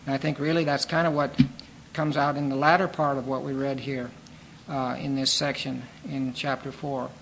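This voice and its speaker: A man preaching a sermon in an earnest, measured teaching manner, pausing with fillers and restarting phrases. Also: medium pitch, little pitch movement, vocal fry, a bit bright, slight background noise, low-quality recording.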